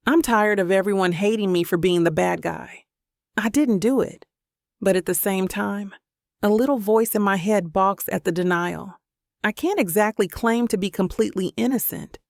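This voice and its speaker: A woman's voice: mid-range voice, normal speed, creaky, darkish tone, no room sound, clean studio sound. A woman narrating a romance audiobook in the first person, in an earnest, emotional way.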